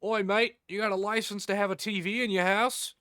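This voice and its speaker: A man voicing a blunt British TV licence inspector, loud and demanding, in a mock British accent. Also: sits high, fairly even intonation, fairly quick, clean tone, no room sound, clean studio sound, voice pushed up.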